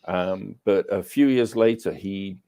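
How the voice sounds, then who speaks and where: A man's voice: low-pitched, a little slow, mellow, smooth. A man co-hosting a casual comics podcast, talking loosely with many fillers. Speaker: podcast co-host.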